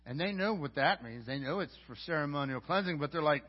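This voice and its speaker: A pastor with a high voice preaches in a loose, conversational way, often tripping over words and starting phrases again. The audio is dull and lo-fi, with the top end muffled. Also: male voice, expressive, fast talker, few pauses, husky. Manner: conversational preaching with frequent stammered restarts. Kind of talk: sermon.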